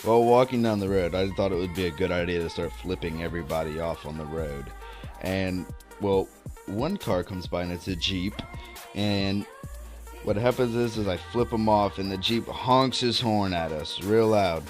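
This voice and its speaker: A man's voice: low voice, moderate pace, over music. Young man telling a rambling story. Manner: rambling, profane, animated storytelling. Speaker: vlogger. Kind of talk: casual storytime.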